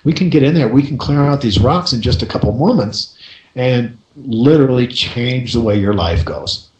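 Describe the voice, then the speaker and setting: A man hosting a coaching radio show, telling a story in a lively way and checking in with the listener by asking "right?". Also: medium pitch, moderate pace, reverberant, rough recording.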